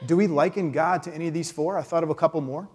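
A man preaching a conversational sermon, acting out quick impressions of how people picture God. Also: steady tone, darkish tone, breathy edge. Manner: conversational, acts out quick impressions with pitch jumps.

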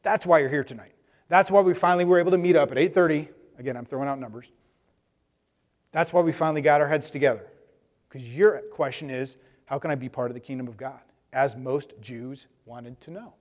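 Conversational preacher in an echoing hall. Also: male voice, a little high, a little fast. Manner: conversational, acts out voices of Bible figures. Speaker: pastor. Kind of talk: sermon.

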